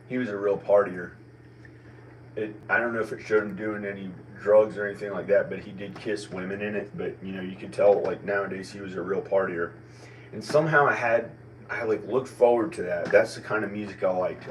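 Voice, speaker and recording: A man in his forties with an American country accent, musing in a meandering, self-questioning monologue full of restarts. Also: lowish voice. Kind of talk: rambling personal monologue. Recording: distant mic with faint background noise.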